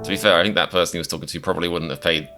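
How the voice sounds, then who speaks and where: A man's voice: low voice, fairly even intonation, very fast, over music. A man giving casual reaction commentary as a comedian, chatty and wry, with lots of fillers and self-mocking asides.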